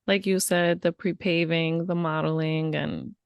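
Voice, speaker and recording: A woman co-hosting a parenting podcast, with a smooth, clear voice pitched slightly low. She speaks reflectively and laughs easily. The sound is dry and close. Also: fairly even intonation, a little slow, dry recording, lo-fi sound. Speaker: podcast co-host. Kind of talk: casual parenting advice chat.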